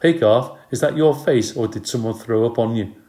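A man voicing a mean schoolboy bully who jeers and turns shrill. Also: normal speed, dark tone, natural voice. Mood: mocking. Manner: jeering, shrill when scared.

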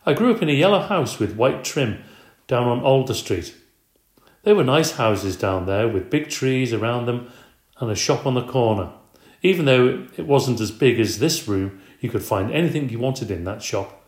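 A man reading the part of an elderly grandmother who speaks up with lively, emphatic reminiscence in a storybook reading. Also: mid-range voice, normal speed, natural voice. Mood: spirited. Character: chatty elderly woman, grandmother, spirited storyteller. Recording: roomy echo.

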